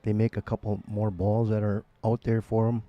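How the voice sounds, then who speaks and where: A man's voice: fairly low pitch, level tone, normal speed, highs cut off. A man giving casual live color commentary on a pool match, explaining the shots he would play. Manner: analytical, explains shot choices.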